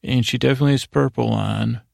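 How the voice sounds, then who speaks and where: A man hosting a sleep podcast who recaps a show in a meandering, low-key way, as a bedtime story. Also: steady tone, fast talker, gravelly, darkish tone, dry recording, clean studio sound. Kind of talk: rambling bedtime episode recap.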